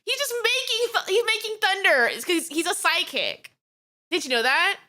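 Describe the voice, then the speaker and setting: Giggly, bright-voiced woman streamer. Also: extremely high pitch, lively intonation, normal speed. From New York. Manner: giggly, rambling, lots of fillers. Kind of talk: casual reaction stream chat.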